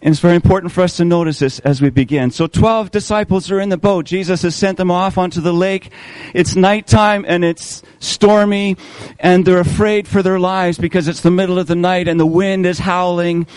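A man delivering a sermon in a fairly high voice, often posing questions to the congregation and drawing out key words to stress them. The sound is close and dry, with almost no room echo. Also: fairly even intonation, darkish tone, clear, resonant tone. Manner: asks the congregation questions, slows for emphasis. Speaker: preacher.

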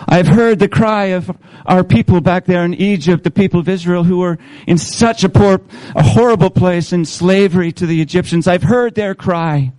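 A man, a pastor, voicing God speaking from a burning fire, slow and authoritative, in a low mellow voice. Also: no room sound, natural voice, rough recording. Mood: solemn.

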